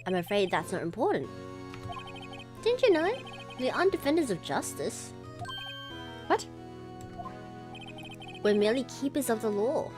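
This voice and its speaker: A woman's voice: fairly high pitch, very animated, measured pace, pauses often. A woman reading as a stern police chief. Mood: lecturing. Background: background music.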